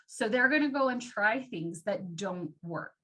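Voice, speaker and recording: This team trainer runs a casual sales training session in a mid-range, fairly bright voice with lively intonation and an unhurried pace. She's chatty, drops "like" constantly, and acts out the voices of customers.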